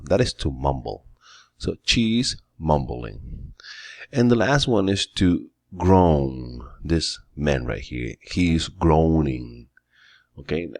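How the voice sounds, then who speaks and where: A man teaching an English lesson, explaining grammar and vocabulary slowly and patiently, step by step. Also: sits low.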